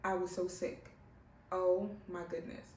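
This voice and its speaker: A young, heavily pregnant vlogger casually shares her own story in a slightly low voice, animated and now and then acting out other people's lines. She speaks at a measured pace. The distant mic gives a roomy echo, with faint ambience and slight background noise behind her.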